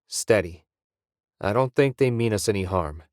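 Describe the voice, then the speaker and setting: A man's voice: fairly low pitch, animated, normal speed, dry recording, clean studio sound, lightly acted. A man voicing a confident, easygoing male smuggler hero in an audiobook. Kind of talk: audiobook character voice.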